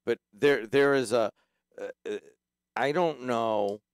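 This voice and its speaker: A man's voice: mid-range voice, slow pace, smooth, no room sound, studio quality. A man hosting a talk radio show, speaking in a jokey, conversational way. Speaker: radio host.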